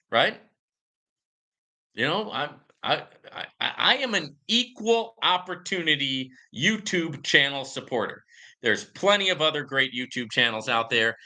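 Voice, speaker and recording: A man's voice: fairly high pitch, bright, forceful tone. A man hosting his own channel, talking to viewers in casual, joking commentary full of comical voice inflections. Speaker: YouTube channel host.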